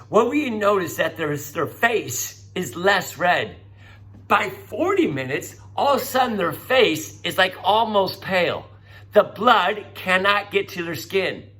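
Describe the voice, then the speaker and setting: Animated high-voiced male teacher. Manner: animated, coaxing, acts out voices. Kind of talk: classroom lecture.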